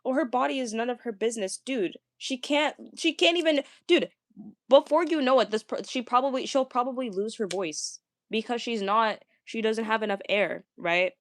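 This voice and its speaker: A woman's voice: normal speed, dry recording, clean studio sound. Stammering young woman ranting. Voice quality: fairly deep voice for a woman. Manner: stammers and repeats words, excitable. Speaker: streamer ranting to viewers. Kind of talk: casual rant.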